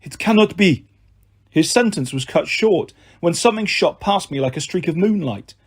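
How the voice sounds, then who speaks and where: Husky, expressive male audiobook narrator. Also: a little high, moderate pace. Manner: expressive, dramatic delivery. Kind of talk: scripted first-person audiobook narration.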